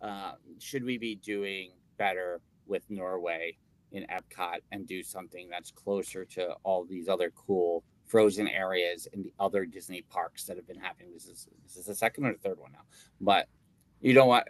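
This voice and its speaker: A man's voice: deep voice, fairly even intonation, normal speed, dry recording. Guy rambling on a podcast, jokey, keeps restarting sentences, super dry close sound. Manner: rambling, self-interrupting, jokey. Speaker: podcast co-host. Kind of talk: casual chat.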